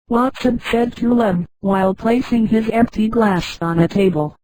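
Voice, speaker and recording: A woman's voice: on the high side, unhurried, hardly any pauses, a little mellow, dry recording, low-quality recording. A computer-voiced woman narrating a story, reading punctuation marks aloud. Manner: reads punctuation and symbols aloud. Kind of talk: synthetic audiobook narration.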